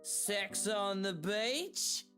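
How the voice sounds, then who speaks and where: Lady doing a smarmy drunk dude w/ fake british accent, slow, swoopy lowish voice. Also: animated, fairly bright tone, faint music behind. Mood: flirty. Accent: put-on British. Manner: smarmy come-ons.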